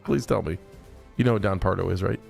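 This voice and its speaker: A man's voice: sits low, fast talker, gravelly, darkish tone, slightly rough, soft background music. A man hosting a sports radio show in a studio, chatty and jokey, rambling through his lines and slipping into a big announcer voice. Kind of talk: casual sports radio chat. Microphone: studio microphone.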